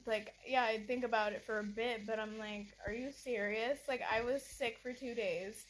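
A young woman with a slightly high voice ranting bluntly in a casual monologue, swearing freely and sounding fed up. A faint hiss of background noise sits under her voice. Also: steady tone, normal speed, rough recording. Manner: blunt, profane, exasperated. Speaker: podcast host.

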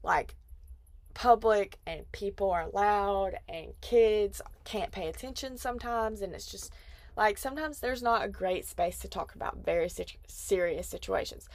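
A woman's voice: medium pitch, measured pace, no room sound. A woman in her twenties hosting a podcast, chatting casually and rambling with lots of "like" fillers. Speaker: podcast host. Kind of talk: casual chat.

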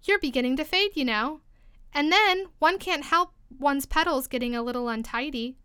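A prim, superior talking rose, as a woman reader puts it on, speaking in a severe and condescending way. Her voice is high and crisp. It sounds dry and close. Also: normal speed, sharp tone, no echo.

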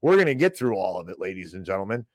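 A man's voice: low voice, very animated, quick pace, dry recording. A man hosting a live podcast in a casual, heated and rambling way, often restarting his sentences in a folksy style. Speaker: podcast host. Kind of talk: casual ranting live stream commentary.

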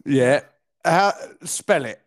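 Young southern English man, podcast co-host, sweary and teasing, bouncy high-ish delivery. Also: lively intonation, slow, no room sound, studio quality. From Kent, England. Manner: swears often, laughs a lot, teasing. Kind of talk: casual banter.

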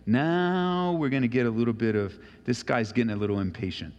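Brief: male pastor, lively pitch, sermon delivery, big echoing church hall. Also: brisk, few pauses. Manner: animated, acts out voices of Bible figures. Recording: long reverb of a large hall.

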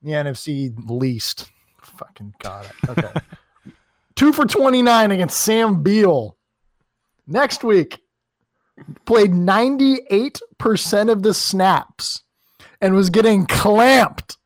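Give me a man yelling and swearing on a podcast, dry and close, with lively pitch. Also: takes it slowly, pauses often, no room sound. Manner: loud swearing rant, yelling at times. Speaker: podcast co-host. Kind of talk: casual sports podcast chat.

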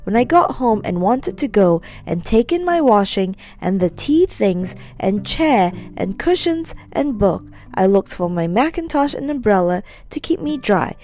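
A woman's voice: medium pitch, big pitch swings, unhurried, hardly any pauses, darkish tone. A woman voicing an angry aunt who scolds her nephew in a nasty, sarcastic way. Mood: angry scolding. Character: cross scolding aunt, sharp-tongued woman.

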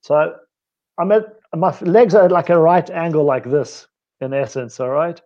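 A man's voice: a little high, moderate pace, mellow, dull audio. A man from South Africa telling a story in a casual, rambling way, correcting himself as he goes. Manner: rambling, self-correcting, laughs often. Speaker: guest speaker on stretching. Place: home office.

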